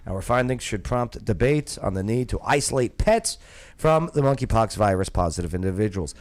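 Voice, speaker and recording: A man's voice: lowish voice, expressive, moderate pace. A man hosting a casual comedic talk show, reading news articles aloud and breaking off for jokes and laughs. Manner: reads articles aloud with joking asides and laughs. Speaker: show host.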